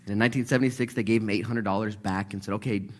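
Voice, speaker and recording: A man preaching in church to a congregation. He is animated and jokes, and acts out the voices of Bible characters. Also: on the low side, racing. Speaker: pastor. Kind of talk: sermon.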